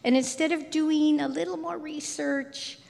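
Woman preacher, slightly high, gravelly, unhurried, long hall reverb. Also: fairly even intonation. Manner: slow, deliberate, soft intimate delivery. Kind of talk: sermon.

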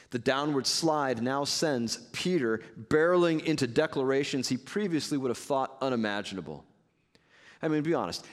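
Male pastor preaching in a reverberant hall. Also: mid-range voice. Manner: earnest, measured preaching with conversational asides. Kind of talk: sermon.

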